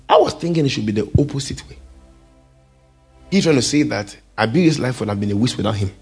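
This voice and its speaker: A man's voice: mid-range voice, husky. A man preaching a sermon and calling out to the congregation. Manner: animated, calls out to the congregation.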